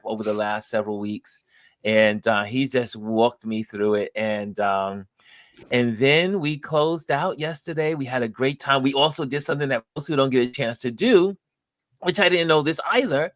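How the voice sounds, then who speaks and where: A man's voice: medium pitch, normal speed, no room sound. A man hosting a live stream, chatting casually and animatedly acting out the people in his stories. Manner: animated storyteller, acts out others' lines. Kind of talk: casual chat.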